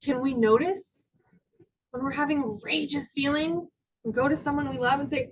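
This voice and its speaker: A woman minister giving a spiritual talk to a congregation, telling personal stories and sometimes dropping to a soft near-whisper. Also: high-pitched, normal speed, poor audio. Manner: storytelling, acting out quoted voices, dropping to soft near-whispers. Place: church sanctuary with audience.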